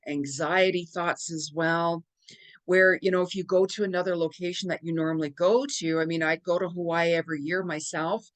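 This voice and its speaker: A middle-aged woman talking casually to camera as a psychic giving astrology advice, chatty and animated, acting out quoted reactions with big jumps in her voice. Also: lowish voice.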